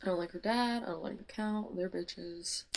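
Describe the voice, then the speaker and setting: A young woman vlogging casually about a book she is rereading, dramatic and foul-mouthed, with sudden loud outbursts. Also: on the low side, moderate pace, noisy background. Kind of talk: casual reread commentary with read-aloud passages.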